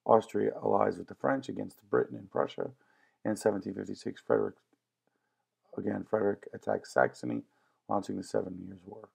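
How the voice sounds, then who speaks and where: A man's voice: lowish voice, big pitch swings, a little fast, gravelly, darkish tone, husky. A man teaching a history lesson in a casual, joking lecture style. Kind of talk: classroom lecture.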